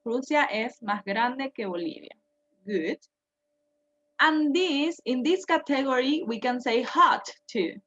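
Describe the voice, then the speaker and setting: A woman's voice: sits high, animated, slow, a bit bright, lo-fi sound. A woman teaching English grammar, patiently repeating each point and translating it. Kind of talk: bilingual grammar lesson.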